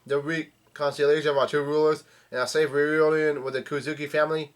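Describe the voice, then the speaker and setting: A man's voice: fairly high pitch, level tone, fairly quick, close to an everyday voice. A man voicing an animal-folk subject from a comic, reading the lines in a raised, gushing way.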